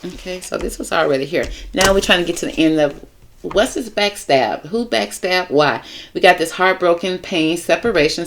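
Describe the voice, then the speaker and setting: A woman's voice: low-pitched, a little hiss or hum. A woman host giving a casual, chatty tarot reading, talking straight to her viewers in a sassy way. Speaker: tarot reader and show host.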